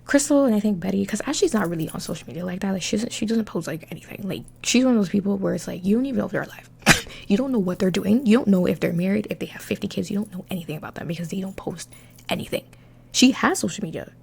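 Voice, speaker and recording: Young woman vlogger, dramatic storytelling, gravelly edge, faint background hiss. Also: mid-range voice, fast talker. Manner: dramatic, animated, swears freely. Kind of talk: casual storytime.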